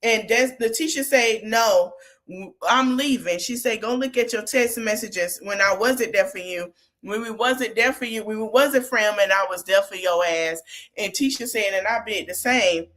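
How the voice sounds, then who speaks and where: A woman's voice: medium pitch, normal speed, fairly bright tone. A woman hosting a podcast, retelling a reality-show argument in casual chat and quoting each person in turn. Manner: retells a scene in quotes, chatty and candid. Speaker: podcast host recapping reality TV. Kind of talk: casual recap monologue.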